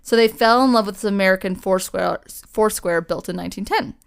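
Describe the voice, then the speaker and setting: A woman's voice: mid-range voice, a little fast, vocal fry, clean tone. A young woman co-hosting a podcast, telling a ghost story in casual chat, full of fillers and swearing. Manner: chatty, swears a lot, many fillers. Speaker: podcast co-host.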